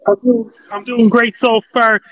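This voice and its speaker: A man calling in with a casual weather report, listing places in a halting, repetitive way over a muffled line. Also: very high voice, little pitch movement, a bit bright, no echo.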